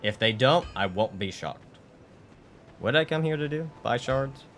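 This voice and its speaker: A man's voice: medium pitch, expressive, normal speed, fairly bright tone, a little hiss or hum. A man streaming a game, chatting casually in a rambling way with many fillers and restarts. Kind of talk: casual chat while gaming.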